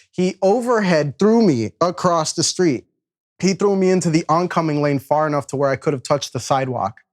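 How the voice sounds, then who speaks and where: A young man from Chicago telling a story about himself in a loose, animated way, acting out voices, laughing at himself and swearing freely. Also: a little high. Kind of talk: casual spoken storytelling.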